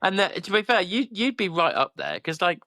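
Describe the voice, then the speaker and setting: A man's voice: sits high, very animated, fairly quick, sharp tone, no room sound, clean studio sound. A man in his forties co-hosting a podcast, chatting casually and often restarting his sentences. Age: 40s. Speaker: podcast co-host. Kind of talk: casual chat.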